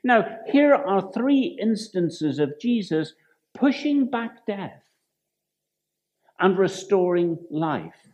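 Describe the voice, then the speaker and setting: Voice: medium pitch, big pitch swings, slow, darkish tone. A preacher giving a reflective sermon, who stumbles, corrects themself and asks the listeners rhetorical questions. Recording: dull lo-fi recording.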